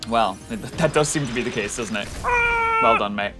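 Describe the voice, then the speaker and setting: A young man, chatting casually and excitably while playing a video game. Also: on the low side, moderate pace, over loud music. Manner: animated, excitable, swears casually. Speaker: co-host of a gaming video. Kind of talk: casual chat over gameplay.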